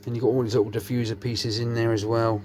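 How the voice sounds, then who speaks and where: A man's voice: medium pitch, flat delivery, quick pace, background noise. A man, chatting casually and rambling with cheeky asides while he works in his home workshop. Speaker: workshop vlogger. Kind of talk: casual chat while working.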